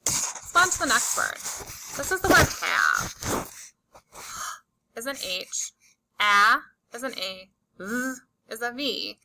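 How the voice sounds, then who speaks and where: A woman leads a phonics lesson for young children, pacing every word slowly and clearly. Her voice is very bright and a touch higher than most. She repeats key words with drawn-out emphasis. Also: wildly swooping pitch, slight background noise, poor audio. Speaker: teacher.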